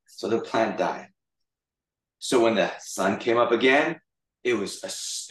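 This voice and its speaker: A male pastor giving a casual, animated sermon, retelling a story in conversational storytelling style, heard in an echoey room from a distant mic. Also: fairly low pitch, a little slow, pauses often.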